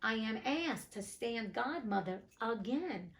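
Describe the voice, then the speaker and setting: A woman's voice: on the high side, lively intonation, takes it slowly, a bit bright, exaggerated voice. A woman voicing a sly, scheming female cat in a storybook reading, cool and offhand. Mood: coaxing.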